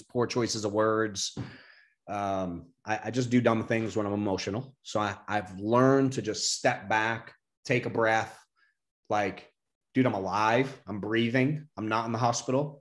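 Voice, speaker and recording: A man hosting a podcast in casual chat, talking candidly and with profanity about business struggles. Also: mid-range voice. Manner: candid, profane, animated storytelling. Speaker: podcast host.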